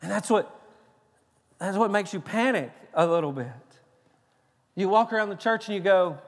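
A male pastor with a Tennessee Southern accent, preaching a sermon in a lively, joking, emphatic way with quick restarts. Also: high voice. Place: large church sanctuary. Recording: long reverb of a large church hall.

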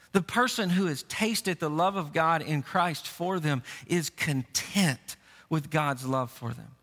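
A man's voice: fairly high pitch, sharp tone, big-room sound. A middle-aged man preaching a sermon as a pastor, earnest, often repeating words and restarting.

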